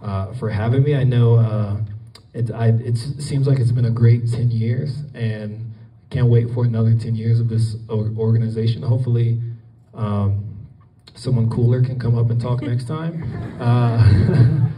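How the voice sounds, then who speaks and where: A man from Colorado, a guest speaker in an event hall, addresses an audience casually, rambling with many fillers and restarts. His medium-pitched voice is warm and steady, a little slow, picked up in a distant, roomy recording.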